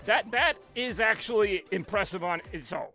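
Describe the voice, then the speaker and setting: A man live-streaming from his home setup on a headset, chatting casually and rambling in an animated way, with a tone that sounds angry even when he is not. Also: high-pitched, normal speed, faint music behind.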